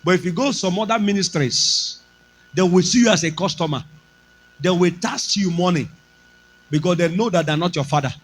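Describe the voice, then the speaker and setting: A man's voice: high-pitched, normal speed, slight background noise, rough recording. A male pastor with a Nigerian accent, preaching a sermon with emphatic delivery and slipping into Pidgin.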